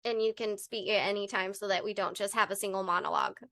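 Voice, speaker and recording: A young woman co-hosting a podcast with her mother, telling personal stories openly and with an animated, laughing manner. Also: medium pitch, quick pace, no room sound, studio quality. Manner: open, animated storytelling with laughs. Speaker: podcast co-host. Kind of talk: candid podcast conversation.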